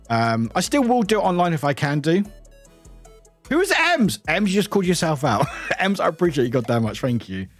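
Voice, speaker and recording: A young British man in casual stream chatter, his pitch bouncing lively up and down as he laughs and swears. He talks straight to his viewers and shouts them out by name. Faint music plays underneath. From United Kingdom. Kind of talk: casual live-stream chat.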